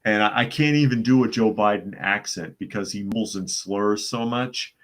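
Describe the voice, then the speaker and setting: A man's voice: fairly low pitch, normal speed. A man hosting a casual live stream, chatting and reading viewer comments aloud between laughs. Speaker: host.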